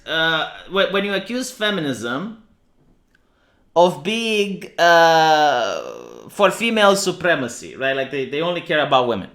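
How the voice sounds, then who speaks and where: A man's voice: on the high side, sharp tone. A man with a Romanian accent giving opinionated, sarcastic livestream commentary, often restarting his sentences. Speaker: streamer.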